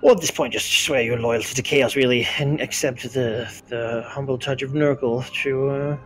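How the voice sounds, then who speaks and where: A man's voice: medium pitch, steady tone, moderate pace, fairly bright tone, soft background music. Dry-joking man co-hosting a game. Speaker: let's play co-host. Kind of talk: casual gaming chat.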